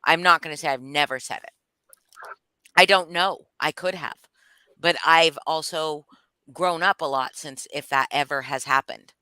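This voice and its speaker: A woman's voice: low-pitched, moderate pace, pushed and bright, clean tone, no echo. A woman hosting a livestream chat, talking frankly and bluntly. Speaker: livestream host. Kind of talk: casual chat. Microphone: streaming video call.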